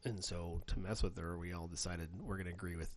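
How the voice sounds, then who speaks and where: A middle-aged man co-hosting a casual comedy podcast, telling stories that turn loud and high-pitched when he gets animated. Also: a little fast. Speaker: podcast co-host.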